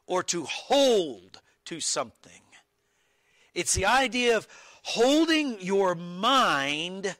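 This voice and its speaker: Slow, bright-voiced male preacher. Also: high-pitched, no room sound. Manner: earnest, emphatic teaching with verse reading; slow, deliberate with small restarts. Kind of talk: expository sermon.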